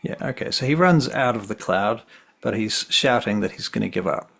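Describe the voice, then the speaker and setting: A man narrates as game master of a tabletop game. His voice is gravelly with a bright edge and sits a little low. He stays easygoing and thinks aloud with fillers as he tallies the dice. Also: expressive, normal speed. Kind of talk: running a tabletop game over voice chat.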